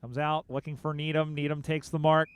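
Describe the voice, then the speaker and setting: Crisp, excited male sports commentator. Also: a little high, dry recording. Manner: excitable play-by-play, quick bursts on big plays. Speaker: play-by-play commentator. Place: outdoor sports field broadcast.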